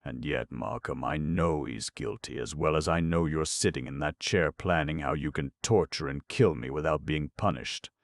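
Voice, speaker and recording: A foppish, idle gentleman sleuth, as a man reads him aloud drawls his words without emotion and with an airy, mocking ease. The voice sits very low, with a gravelly edge, in a dry, close recording. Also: normal speed, few pauses, dry recording. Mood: drawling, amused. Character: languid, foppish gentleman detective, adult man. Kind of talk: audiobook character reading.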